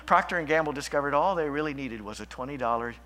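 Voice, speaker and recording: Bright-voiced man preaching with dramatic swings. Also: expressive, fast. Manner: dramatic, swings between loud emphasis and hushed low passages. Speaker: pastor. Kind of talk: sermon.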